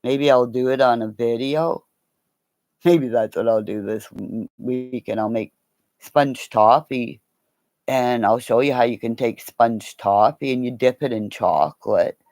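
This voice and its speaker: A woman with a bass, slightly mellow voice hosts a casual livestream chat, rambling from one thought to the next. She laughs often and swears now and then, and the recording has no room sound.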